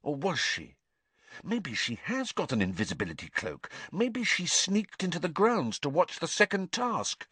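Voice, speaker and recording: Hermione, a man doing a bright clever schoolgirl. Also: a little high, big pitch swings, slightly rough, dry recording, voice pushed up, exaggerated voice. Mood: puzzled. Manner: quick and emphatic. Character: clever bossy teenage schoolgirl witch.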